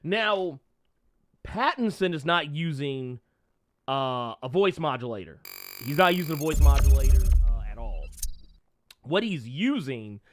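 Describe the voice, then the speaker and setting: A man's voice: fairly high pitch, expressive, unhurried, pauses often. A man co-hosting a podcast, chatting casually about a movie with a joking, profane manner and many restarts. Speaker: podcast co-host. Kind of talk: casual movie review chat.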